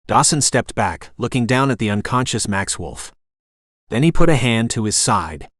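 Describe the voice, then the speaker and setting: A man narrating an audiobook in a steady, even reading voice. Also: medium pitch, normal speed, no echo, studio quality. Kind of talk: scripted narration.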